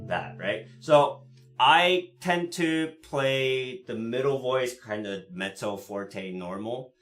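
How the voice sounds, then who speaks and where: A man teaching cello in a live lesson, explaining in a relaxed way with many fillers and frequent "right?" checks, pausing to play the instrument. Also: lowish voice, soft background music. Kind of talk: live online music lesson. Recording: roomy sound with cello playing. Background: cello playing between phrases.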